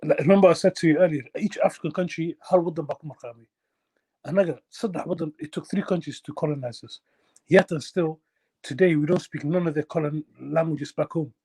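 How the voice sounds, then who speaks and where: A man's voice: fairly high pitch, a little fast, warm tone, husky, no room sound. A young man in casual chat, switching into Somali and calling his friends bro. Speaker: open mic speaker.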